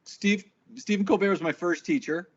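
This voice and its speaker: A man, an improv teacher and guest, talking in a lively storytelling way and acting out quoted voices. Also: high voice, moderate pace, muffled recording. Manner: animated, acts out quoted voices. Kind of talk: casual interview storytelling.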